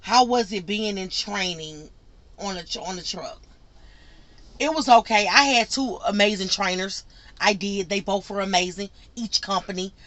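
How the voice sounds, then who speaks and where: Bright, chatty woman telling her story. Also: mid-range voice, normal speed, no echo. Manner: chatty, repeats herself, acts out quotes. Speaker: truck driver vlogger answering questions. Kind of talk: casual Q&A vlog.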